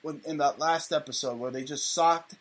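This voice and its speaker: A man's voice: fairly high pitch, moderate pace. A male talk show host delivering a crude, mocking political rant. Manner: loud, profane, mocking.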